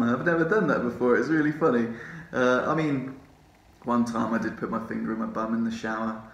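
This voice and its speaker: A man's voice: mid-range voice, steady tone, moderate pace, a bit bright. A man vlogging casually from a rehab ward, rambling, drowsy from morphine, swearing and laughing often. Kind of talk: casual vlog chat. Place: rehab hospital room. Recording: roomy echo.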